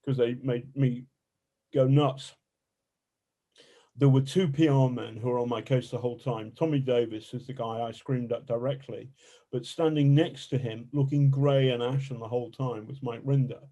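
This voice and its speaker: A man, an investigative journalist, telling stories in a colorful, animated way as a podcast guest and swearing freely. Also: medium pitch, normal speed. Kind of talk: casual storytelling interview.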